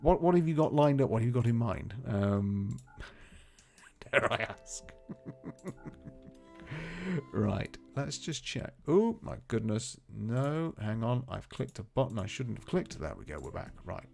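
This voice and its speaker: A man's voice: mid-range voice, very animated, measured pace, gravelly, darkish tone, soft background music. A man streaming a colony game, rambling casually and chatting to his characters and viewers. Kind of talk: casual live gameplay commentary.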